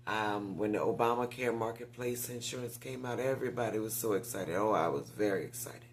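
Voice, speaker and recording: A man's voice: fairly low pitch, brisk, a little hiss or hum. A man in a casual vlog monologue, chatting directly to viewers with frequent whispered asides and getting short of breath when he talks for long.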